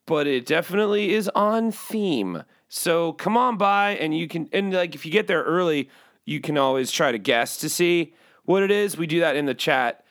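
Rambling joking man, lively pitch. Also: moderate pace. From Chicago. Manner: joking, self-interrupting, trails off. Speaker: host. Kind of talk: rambling casual monologue.

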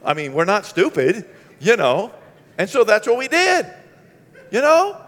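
A middle-aged man from Maine preaching in a conversational, animated storytelling style, acting out the dialogue as he goes. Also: sits high, a little slow, long reverb tail. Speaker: pastor. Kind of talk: storytelling sermon.

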